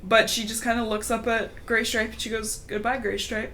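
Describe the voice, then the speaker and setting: A woman's voice: a little high, completely flat delivery, brisk, sharp tone, a little hiss or hum. A woman hosting a podcast, chatting casually through a book recap with lots of fillers and giggles. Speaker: podcast host.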